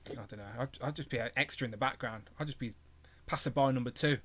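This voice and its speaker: A man's voice: medium pitch, fast talker, fairly bright tone. A man hosting a toy collecting livestream in casual chat, rambling, laughing often and joking at his own expense.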